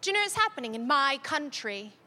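A woman's voice: high-pitched, sing-song, fairly quick, bright, forceful tone, full character voice. A woman playing her young schoolgirl daughter, who talks in an earnest, matter-of-fact way.

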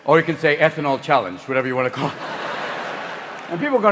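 A man's voice: mid-range voice, big pitch swings, a bit bright, in a large hall. A man in his fifties performing a profane, manic stand-up comedy routine on stage. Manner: manic, profane, rapid shifts into voices. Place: stage before a live audience.

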